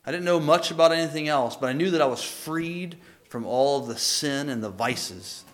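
A man telling his personal faith testimony in an earnest, halting way, often restarting his sentences. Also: on the high side.

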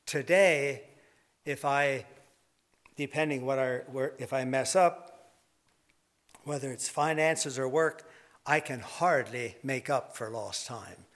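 A man's voice: mid-range voice, slow, pauses often, a bit bright. An older man preaching a sermon in a rambling, folksy storytelling way, with self-deprecating humor.

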